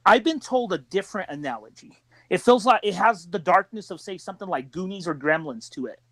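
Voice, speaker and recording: A young man with a fairly high voice co-hosts a podcast, chatting in an upbeat, joking way. His voice is close and dry, with no room sound. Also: lively intonation, fairly quick, fairly bright tone, no echo. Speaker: podcast co-host. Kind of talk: casual chat.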